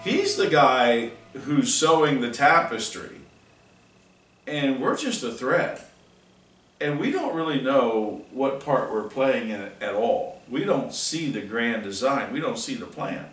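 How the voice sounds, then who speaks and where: A man's voice: mid-range voice, big pitch swings, slow pace, fairly bright tone. A middle-aged man teaching a catechism class, telling a folksy, earnest story. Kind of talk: catechism class talk with personal anecdote. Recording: roomy, mic far off.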